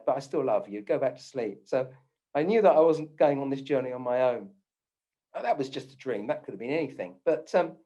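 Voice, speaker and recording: A man recounts events to an audience, his pitch rising and falling in a lively way and sitting a little high for a man. He acts out the voices of people he quotes. He often pauses on "um" and restarts his sentences. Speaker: doctor giving a talk. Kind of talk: personal storytelling talk.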